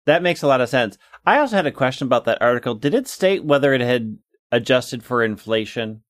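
A man with an ordinary middle-pitched voice trading wry jokes in casual podcast banter. His teasing sounds mock-offended, and the mic is close and dry. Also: expressive, a little fast, no room sound. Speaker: podcast co-host. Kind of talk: casual chat.

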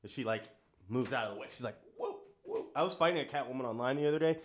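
A man co-hosting a podcast in casual chat, animated and swearing freely. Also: mid-range voice, rapid-fire. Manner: animated and profane. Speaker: podcast co-host.

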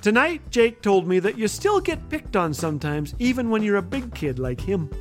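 Man, storyteller, playful jokey delivery, high pitch, faint background music. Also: sing-song, moderate pace. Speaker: host and storyteller. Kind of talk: reading a children's story with humor.

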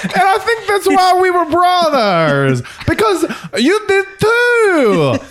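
A man putting on an exaggerated Swedish accent for a sentimental tough-guy speech, shouting and laughing through the lines. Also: very high-pitched, wildly swooping pitch, slow, voice pushed up, exaggerated voice. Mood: overwrought. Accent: put-on Swedish. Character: gruff man turned high shouting Swede, sentimental.

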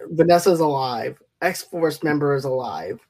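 Man, a touch high-pitched, relaxed casual plot explainer. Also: measured pace. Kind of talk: casual movie chat.

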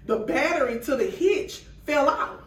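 With a high, fairly bright voice, the food truck owner speaks expressively at a measured pace. She's telling a story on a podcast in casual chat, acting out each line of dialogue. The mic is far away, giving off-mic room sound.

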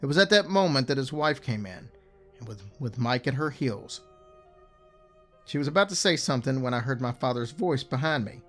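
An older man telling a first-person story in a calm, measured way, softening his voice on eerie details. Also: mid-range voice. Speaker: narrator. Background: faint music.

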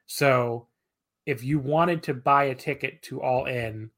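A man's voice: mid-range voice, takes it slowly, a bit bright. A man appearing as a guest on a podcast, talking casually and rambling, often laughing at himself. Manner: laughing, rambling, self-deprecating.

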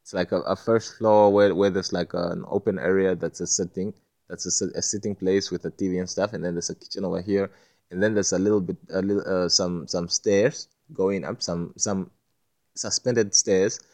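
A man's voice: sits low, steady tone, normal speed, a little mellow, no room sound. A man telling a personal story in a loose, rambling way, full of fillers and restarts. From not Jamaica. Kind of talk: casual storytelling.

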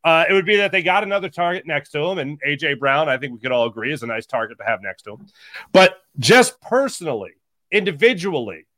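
Higher-voiced man, dry close sound. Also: very animated, fast talker, sharp tone, no room sound. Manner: conversational, hedging, "like" and "uh" fillers. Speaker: sports talk co-host. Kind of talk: sports talk debate.

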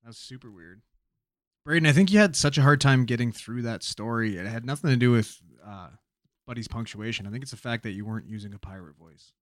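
Podcast dude cracking jokes and teasing, mid voice, dry mic. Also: male voice, medium pitch, fairly quick, dry recording. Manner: joking, teasing, swears. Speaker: podcast co-host. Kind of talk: casual banter.

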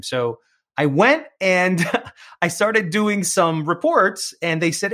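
A middle-aged man from New York, United States, with a New York accent, appears as an interview guest. He is a TV presenter and film critic, and his voice is on the high side, expressive, and a bit bright at a measured pace. He tells his career story earnestly, often repeating words as he starts a thought.

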